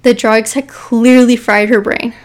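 A young woman hosting a podcast, reading a scary story aloud in a steady, measured way and dropping to a whisper at chilling moments. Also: fairly high pitch.

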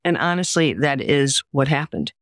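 An older woman, a memoir author and writing teacher, tells personal stories in an interview, earnest and emphatic, acting out the voices she quotes. Her voice is low-pitched with lively intonation at normal speed. The sound is studio quality with no echo.

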